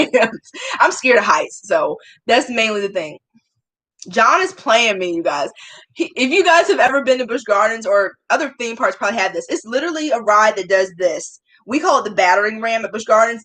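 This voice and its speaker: A woman's voice: on the high side, sharp tone. Chatty young woman vlogging. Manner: chatty, self-mocking, laughs often. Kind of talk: casual chat to viewers.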